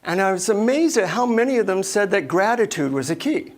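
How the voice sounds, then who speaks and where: A man giving a motivational keynote speech on stage, telling stories with lively voiced asides. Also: high-pitched, fairly quick. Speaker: keynote speaker. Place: stage before an audience.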